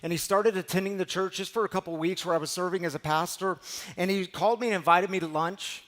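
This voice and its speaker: A man preaching a sermon as pastor, telling a personal story and moving between hushed, slow passages and loud, emphatic ones. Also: sits high, steady tone. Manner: heartfelt, storytelling preacher with repeated phrases.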